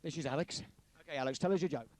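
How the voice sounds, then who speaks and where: A man interviewing people for jokes, jovial and quick to laugh. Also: a little high, a little mellow, a little hiss or hum. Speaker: street interviewer collecting jokes. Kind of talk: vox-pop banter.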